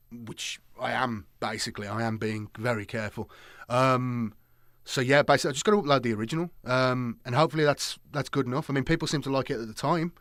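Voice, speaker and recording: A man's voice: medium pitch, fairly bright tone, no echo, clean studio sound. A man chatting casually to his live-stream viewers, rambling and repeating himself with many fillers.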